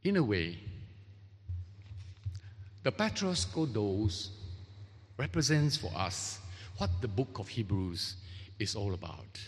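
A man preaching a sermon as pastor, measured and hesitant, with many fillers and restarts. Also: fairly low pitch, big pitch swings, big-room sound. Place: church.

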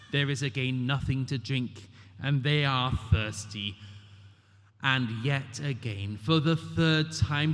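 A man with a fairly high voice delivers an emphatic sermon in a church, posing rhetorical questions and voicing scripture with dramatic lifts. His words ring out with a long hall reverb behind them. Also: a bit bright. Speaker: preacher.

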